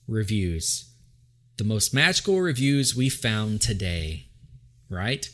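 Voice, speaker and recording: Hosting his casual podcast, a Tennessee man speaks slowly yet very animatedly in a lowish, somewhat bright voice. He's playful and chatty, often dropping a sentence to start over, and now and then he sings a jingle.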